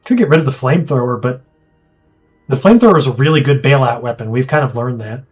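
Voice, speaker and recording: A man streaming a strategy game, chatting casually and thinking aloud with quick asides. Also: mid-range voice, animated, darkish tone, soft background music. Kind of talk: casual gameplay chat.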